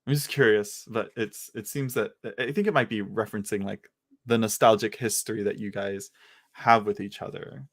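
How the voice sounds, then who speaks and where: A man giving casual live tarot readings to viewers from home, chatty and halting, with frequent restarts and filler words. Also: lowish voice, steady tone. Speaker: tarot reader.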